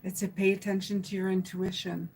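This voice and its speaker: A woman's voice: medium pitch, level tone, a little fast, creaky, a little mellow, slight background noise, low-quality recording. A middle-aged woman doing a live stream tarot reading, chatting loosely and reading out viewer comments with fillers and restarts. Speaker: tarot reader.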